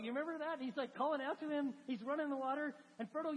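A man preaching a sermon as pastor, telling a story with animated, conversational asides in a church. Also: extremely high pitch, quick pace, few pauses. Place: church sanctuary. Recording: long church reverb.

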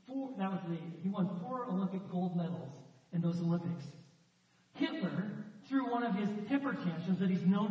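A man preaching a sermon as a pastor, telling stories in a conversational way and acting out the quotes. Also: high voice. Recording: echoey hall, distant mic, dull sound.

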